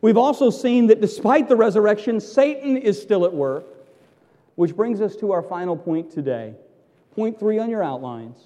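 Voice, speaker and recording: A male pastor preaching a sermon, emphatic and theatrical, swinging from loud to hushed. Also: high-pitched, animated, moderate pace, in a large hall.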